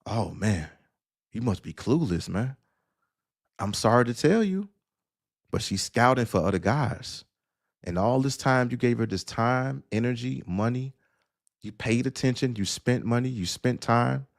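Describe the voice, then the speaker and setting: A man's voice: mid-range voice, expressive, measured pace, creaky. A man hosting an audio-only live stream, ranting sarcastically and lecturing the listener bluntly. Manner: blunt, addresses listener directly. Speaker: host. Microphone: audio-only stream mic.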